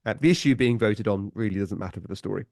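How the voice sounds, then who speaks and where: A man guest on a podcast, telling stories in a lively way and chuckling often. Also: lowish voice, fast talker, creaky, no echo, studio quality. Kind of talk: casual storytelling chat.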